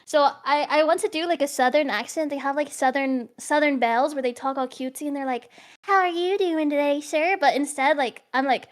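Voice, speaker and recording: A woman's voice: sits high, steady tone, a little fast, few pauses. A woman streamer in casual chat, giggly and rambling.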